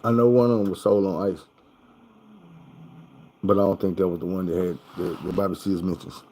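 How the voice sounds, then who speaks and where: A man's voice: deep voice, steady tone, a little fast, warm tone, low-quality recording. A man from Arkansas with a Southern accent telling stories in a loose, profane, repetitive way in a casual monologue. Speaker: vlogger.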